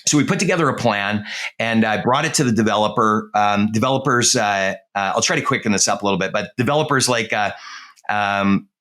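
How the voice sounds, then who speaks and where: A man's voice: on the low side, brisk, sharp tone. A middle-aged man, a real estate agent, casually telling a story in an interview, full of "uh", "um" and restarts. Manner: rambling, full of fillers and restarts.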